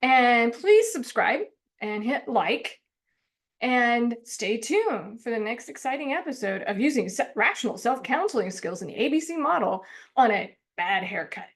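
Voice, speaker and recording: A woman's voice: on the high side, big pitch swings, a little slow. A middle-aged woman counselor teaching a self-help method in a chatty, informal way, often laughing and acting out her own complaints.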